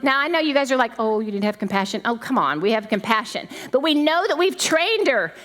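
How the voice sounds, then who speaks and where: A middle-aged woman preaching a sermon in a conversational, animated way with laughing asides. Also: sits high, fairly quick. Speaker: pastor's wife preaching.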